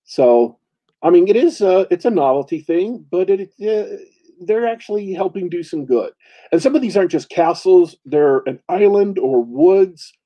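This man's voice sits high and is expressive, moving at a moderate pace. As co-host of a relaxed podcast chat, he rambles, laughs a lot and keeps starting his sentences over, all on a dull, lo-fi recording.

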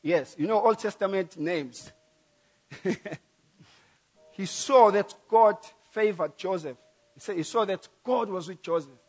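Male preacher, sermon, high voice, emphatic, repeats phrases, loud then soft. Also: measured pace, long pauses, breathy edge.

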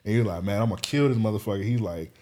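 Man, husky, low voice, casual podcast chat, animated storytelling. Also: racing. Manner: animated storytelling, laughs often, acts out quotes. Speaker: podcast co-host.

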